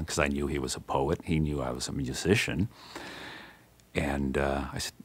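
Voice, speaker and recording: A middle-aged man telling his story as spoken word, animated, acting out dialogue with big jumps in pitch and saying "man" often. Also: moderate pace, breathy edge.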